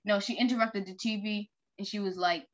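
A woman's voice: mid-range voice, fairly even intonation, fairly quick. A young woman chatting casually over a story game, rambling with many fillers. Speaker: game playthrough host. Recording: lo-fi muffled recording.

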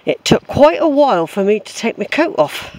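Filming on a handheld camera, a man hikes a hillside path outdoors and rambles to his viewers in a friendly, casual walking vlog. His voice is high-pitched and sing-song with a darkish tone, moving at a moderate pace. The audio is poor, with slight background noise.

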